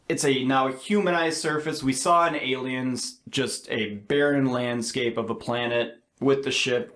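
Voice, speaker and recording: A man recapping a movie scene by scene on a podcast, sometimes acting out what the characters say. His voice sits at a middle pitch. The recording has a roomy echo. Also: fairly bright tone. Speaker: podcast co-host.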